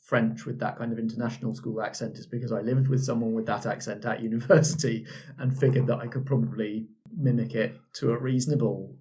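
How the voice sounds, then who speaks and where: A man talking casually as the show's game master. His voice is mid-pitched and ordinary, and he often hesitates and restarts mid-sentence. He speaks easily, with a relaxed conversational manner. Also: a little fast. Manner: hesitant, many restarts and ums, laughs easily. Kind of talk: casual chat about his characters.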